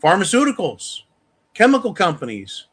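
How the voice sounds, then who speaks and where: A man's voice: sits high, huge pitch swings, normal speed, a bit bright, husky. Angry, profane ranting man. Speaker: show host. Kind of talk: opinion monologue.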